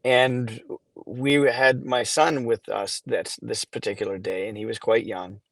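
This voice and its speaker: A man in his forties with a gravelly, fairly level voice, recorded dry and close. He tells his stories haltingly, with frequent restarts, and gets emotional as he goes. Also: medium pitch, steady tone, no echo. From Canada. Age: 40s. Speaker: charity founder guest. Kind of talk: podcast interview storytelling.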